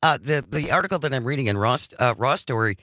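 A man's voice: mid-range voice, fast talker, no room sound, studio quality. A man co-hosting a casual radio talk show, reading out news items and chatting with his co-host. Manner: animated, reads news items aloud.

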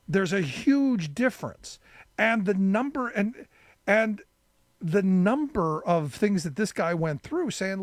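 High-voiced radio host, dry and close. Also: male voice, very animated, measured pace, no echo. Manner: conversational, frequent restarts and repeated words. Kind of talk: opinionated radio monologue.

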